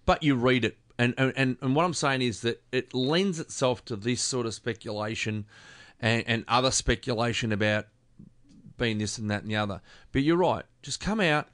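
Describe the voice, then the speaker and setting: A man's voice: mid-range voice, moderate pace, fairly bright tone. A middle-aged Australian man co-hosting a sports podcast, blunt and emphatic, often repeating himself in casual chat. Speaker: podcast co-host.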